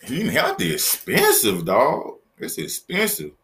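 A man's voice: mid-range voice, huge pitch swings, a little slow, fairly bright tone, a little hiss or hum. A man hosting a casual solo podcast, joking loosely and talking straight to his listeners in slang. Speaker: podcast host. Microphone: laptop setup, talking to camera.

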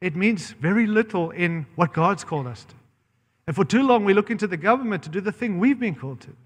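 American preacher guy, blunt and fired up, kinda high voice, lots of hall echo. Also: lively intonation, fairly quick. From United States. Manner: impassioned, blunt and direct, often breaking off mid-phrase. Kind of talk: sermon. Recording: long hall reverb.

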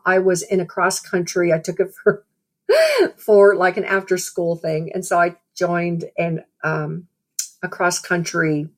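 A woman sharing a rambling personal testimony that turns into an earnest sermon, with fillers and restarts. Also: on the low side. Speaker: preacher.

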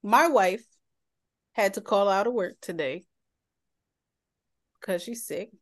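Animated Philly woman in her thirties. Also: medium pitch, slow pace. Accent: Philadelphia. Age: 30s. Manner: animated storytelling, laughs often. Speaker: podcast co-host. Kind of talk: casual chat.

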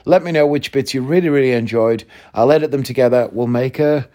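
A man hosting his own podcast in a casual solo monologue. He rambles, thinks out loud mid-sentence and swears freely. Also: mid-range voice, normal speed. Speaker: podcast host.

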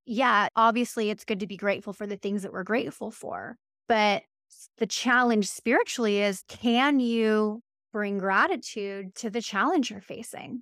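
A woman hosting a casual podcast conversation, talking through ideas in a reflective, thoughtful way. Her voice sits at an ordinary middle pitch and is recorded close and dry, with no room echo. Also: fairly bright tone. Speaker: podcast host.

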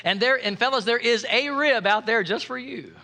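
A male pastor delivers a lively sermon, his voice high and ringing bright. He jokes freely with his congregation and keeps calling out for them to answer him. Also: moderate pace. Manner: playful, joking preacher who calls for audience responses.

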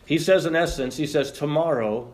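A man preaching a sermon as pastor, joking with the congregation and reading scripture aloud in an animated way. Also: mid-range voice, moderate pace.

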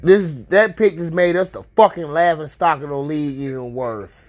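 A man ranting furiously as a sports fan, swearing, repeating himself and shouting in bursts. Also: fairly high pitch, moderate pace. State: heated and upset. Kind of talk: angry rant to camera.

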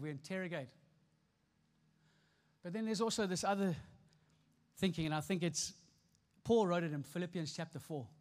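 A man preaching a sermon to a congregation, emphatic, repeating phrases and calling for responses. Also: high-pitched. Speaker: pastor. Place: church stage before a congregation. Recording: long hall reverb.

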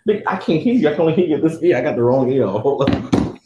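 A man's voice: fairly high pitch, warm tone, highs cut off. A man co-hosting a casual podcast, laughing and mocking himself. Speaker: podcast co-host. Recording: echoey room with background noise.

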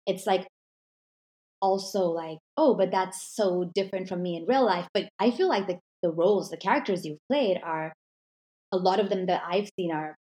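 A woman's voice: lowish voice, moderate pace, dark tone. Chatty woman hosting a podcast. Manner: chatty, rambling questions. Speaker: podcast host. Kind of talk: casual interview chat.

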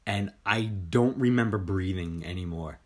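A man in his forties retelling a horror film in a casual chat, excited and profane, acting out the scenes. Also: low voice, moderate pace. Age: 40s. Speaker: podcast co-host. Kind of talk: casual movie review chat.

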